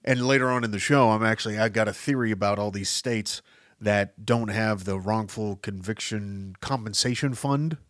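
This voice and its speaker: A man's voice: lowish voice, moderate pace, no room sound, studio quality. A man hosting a podcast who rambles through tangents, swears freely and jumps his voice up for emphasis. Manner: rambling, profane, jumping between tangents; animated, voice jumping up for emphasis. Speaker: podcast host. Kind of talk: casual rambling monologue.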